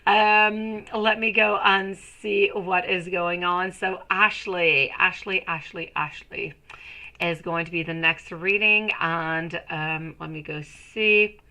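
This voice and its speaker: A woman's voice: fairly low pitch, fairly even intonation, slow, pushed and bright, low-quality recording. A woman giving a live-stream tarot reading, soothing and rambling, often calling viewers sweetie. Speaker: tarot reader.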